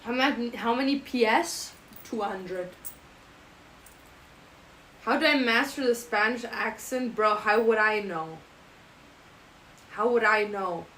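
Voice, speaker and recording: A woman's voice: fairly high pitch, slow, pauses often, a bit bright, a little hiss or hum, low-quality recording. A young woman streamer with a German accent, chatting playfully and reading out her live chat. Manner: playful, jokey, switching into silly mock phrases.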